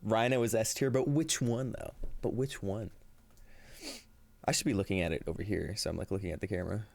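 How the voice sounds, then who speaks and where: A man's voice: fairly low pitch, fairly quick, vocal fry, a little mellow, no echo. A man streaming live and chatting casually with his viewers in an upbeat way, laughing often. He sounds tired and a little shaky. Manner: upbeat, laughs often, reads chat aloud. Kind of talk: casual livestream chat.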